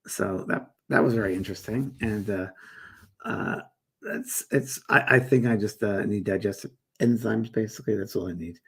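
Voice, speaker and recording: A man's voice: on the low side, gravelly, a bit bright, slightly rough. A middle-aged man hosting a live spiritual chat show, rambling casually as he reads viewer comments aloud and answers them. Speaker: host and medium.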